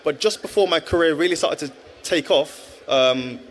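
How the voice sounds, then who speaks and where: As a guest in a live stage interview, a man in his thirties who played football in the past offers his testimony earnestly and reflectively, restarting frequently. His voice is on the high side at a moderate pace, with a little hiss or hum.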